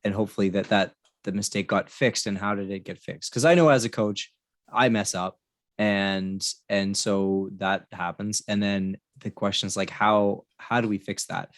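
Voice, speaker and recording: A man, a coach, poses a rambling question to a webinar panel, halting and self-deprecating. His voice is on the low side. The sound is dry, with no room around it. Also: fairly even intonation, no echo.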